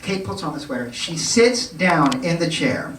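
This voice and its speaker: A man telling a funny story live on a nightclub stage, animated, laughing and stumbling over his restarts. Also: on the high side, normal speed, a little hiss or hum. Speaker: storyteller in a cabaret show. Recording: roomy live sound from a distant mic.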